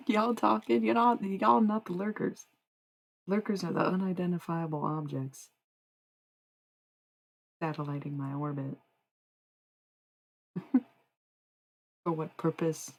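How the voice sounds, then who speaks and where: A woman's voice: fairly low pitch, steady tone, a little slow, vocal fry, pauses often, rough recording. A young woman streaming live, chatting casually with her viewers, laughing often and swearing freely.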